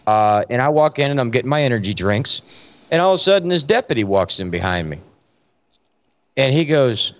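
A police officer from Florida, co-hosting a podcast, chats casually and tells stories from his job in a relaxed drawl, swearing freely. His mid-range voice moves at normal speed with long pauses, and the sound is lo-fi.

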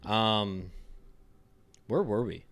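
A man's voice: lowish voice, drawn-out words, fairly bright tone. A man from Wisconsin with a Wisconsin accent, co-hosting a podcast in a joking, casual chat. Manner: joking, playful banter. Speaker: podcast co-host, athletic trainer.

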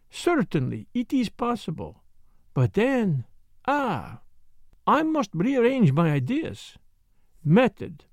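A man voicing a fussy, excitable older male detective who speaks precisely and emphatically, at times muttering to himself. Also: high voice, no room sound, clean studio sound, full character voice. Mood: excited. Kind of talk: audiobook character voice.

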